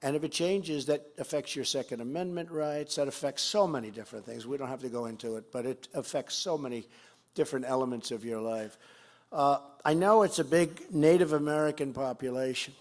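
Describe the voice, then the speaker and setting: A man in his seventies giving a campaign speech at a fundraiser, repeating phrases emphatically and swinging between loud and quiet. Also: medium pitch, fairly quick. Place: fundraiser event.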